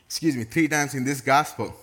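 A man's voice: mid-range voice, a little fast, a bit bright. A middle-aged man, a pastor preaching a sermon to his church in a conversational way, with touches of playful sarcasm.

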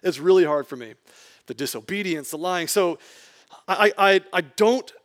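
A man's voice: high voice, animated, normal speed, a bit bright. A man, a pastor, preaching a conversational sermon to his congregation, often adding "like" and building emphasis.

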